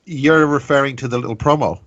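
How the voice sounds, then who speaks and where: A man's voice: mid-range voice, a little fast, fairly bright tone, no room sound, muffled recording. A man who is a guest on a radio show, bantering with sarcasm and teasing the host. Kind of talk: casual radio chat.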